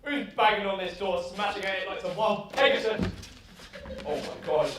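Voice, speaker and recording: A man's voice: high voice, normal speed, background noise, natural voice. A young man acting the hero Heracles on stage, a brawny male hero who mocks and teases. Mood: annoyed. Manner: mocking, giggly. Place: theatre stage. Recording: echoey hall, far from the mic.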